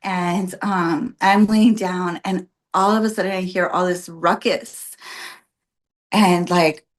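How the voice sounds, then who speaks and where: A woman in her thirties, a podcast guest, telling a personal story in a casual, animated way, full of "like" and "um", often laughing and getting emotional. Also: on the low side, takes it slowly. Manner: animated, heavy on fillers like "like" and "um". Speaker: podcast guest, birth worker.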